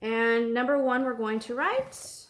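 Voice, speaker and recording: A woman's voice: fairly high pitch, slight background noise. Patient woman teaching a math lesson. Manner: patient, repeats each step slowly.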